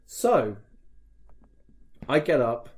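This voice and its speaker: A man's voice: medium pitch, big pitch swings, extremely slow. A man hosting a podcast, telling a long story in casual chat, rambling and laughing as he goes. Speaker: podcast host.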